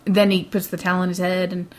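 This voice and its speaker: A woman with an American accent co-hosting a casual movie podcast, playful and quick with asides, laughing often. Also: lowish voice, flat delivery. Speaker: podcast co-host. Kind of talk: casual chat about movies.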